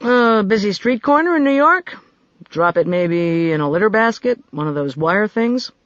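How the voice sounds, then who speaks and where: Fretful, eager young-sounding assistant, higher voice, voiced by a male narrator, dull audiobook audio. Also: lively intonation, moderate pace, fairly bright tone, no room sound. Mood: irritable. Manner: eager, irritable, questioning.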